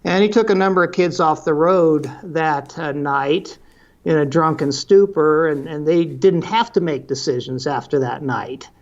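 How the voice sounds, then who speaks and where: A man's voice: on the high side, unhurried, muffled recording. A middle-aged man, a parenting expert, telling earnest stories in a podcast interview and often repeating words for emphasis.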